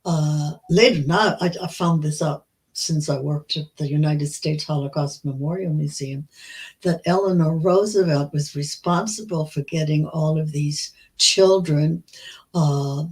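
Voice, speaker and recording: Older woman, 90s, interview guest; slow, halting storyteller, frequent restarts. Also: deep voice, steady tone, rough recording. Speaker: Holocaust survivor guest. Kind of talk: recounting memories in an interview.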